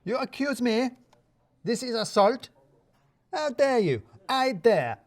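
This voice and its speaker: A man voicing an uptight, furious male office freelancer who shouts in short clipped phrases. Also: very high voice, very animated, slow, dry recording, voice pushed up, exaggerated voice.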